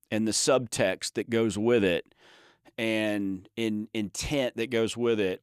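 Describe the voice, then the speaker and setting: A man's voice: lowish voice, smooth, dry recording, studio quality. A man co-hosting a podcast about the trades, explaining his points emphatically with examples and frequent restarts in casual chat. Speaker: podcast co-host.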